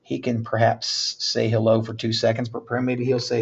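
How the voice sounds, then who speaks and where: A man teaching a screen-recorded coding tutorial, talking through each step in a relaxed way with fillers. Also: mid-range voice, brisk, background noise. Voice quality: gravelly, husky. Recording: dull lo-fi mic.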